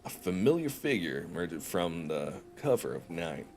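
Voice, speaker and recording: A man's voice: sits low, very animated, a little mellow, slight background noise. Laid-back Southern man reading aloud. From Georgia, USA. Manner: chatty, joking, slow and deliberate when narrating. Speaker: streamer. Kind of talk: casual chat while reading a game story aloud.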